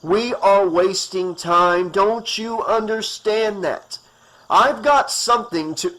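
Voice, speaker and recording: A man's voice: high voice, big pitch swings, voice pushed up, exaggerated voice, rough recording. A man voicing a firm, impatient male doctor who orders a panicking woman around. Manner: firm, ordering, slow and deliberate.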